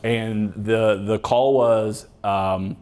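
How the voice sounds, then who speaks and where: A man's voice: on the low side, fairly even intonation, extremely slow, darkish tone. A man, a police officer giving a casual talk to a club, joking and rambling with many fillers and restarts. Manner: joking, chatty, acts out quoted voices.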